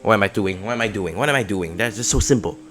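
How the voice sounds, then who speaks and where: A young man walking through his own chess game move by move, lurching between quiet muttered analysis and sudden loud excited outbursts. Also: on the low side, fast, slight background noise. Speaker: chess streamer. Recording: faint music behind.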